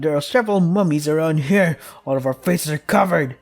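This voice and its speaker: A man's voice: on the high side, brisk, hardly any pauses, darkish tone, soft background music. A young man streaming a game, reading its text aloud and breaking off to swear and complain in exasperation, skipping lines with "yada yada".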